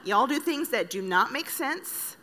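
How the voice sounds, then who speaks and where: A woman's voice: fairly high pitch, expressive, measured pace, pushed and bright, slight background noise. A woman from Kenya, a missionary, giving an earnest, conversational personal testimony to an audience, with light joking asides. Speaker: missionary speaker.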